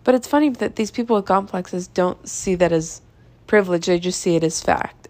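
A young woman hosting a podcast, telling a story in a casual, chatty monologue with swearing, sighs and laughs, exasperated and animated. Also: lowish voice, moderate pace, no echo. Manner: animated, exasperated, drops to mutters. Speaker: podcast host.

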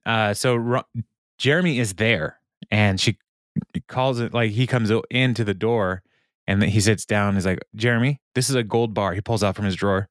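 A man's voice: fairly low pitch, no room sound, clean studio sound. Laughing man recapping a sitcom episode. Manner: laughs often, quotes characters in quick bits. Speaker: podcast host recapping an episode. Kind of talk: casual recap chat.

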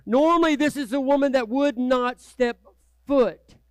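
A male pastor preaching a passionate sermon, moving from loud, urgent appeals to hushed, quiet prayer. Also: very high voice, unhurried, clear, resonant tone, no echo.

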